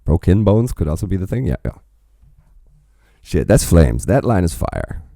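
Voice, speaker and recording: A man with a very low, mellow voice comments on a song in a loose, profane, rambling way. His pitch swings widely as he gets worked up. The sound is dry and close, with no room echo. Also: very animated, normal speed, gravelly. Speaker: reaction video host. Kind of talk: casual reaction commentary.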